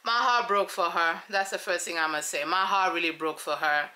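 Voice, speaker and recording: A woman giving sassy, animated commentary on a reality show, talking straight to her viewers. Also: on the low side, normal speed, a little hiss or hum. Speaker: show reviewer.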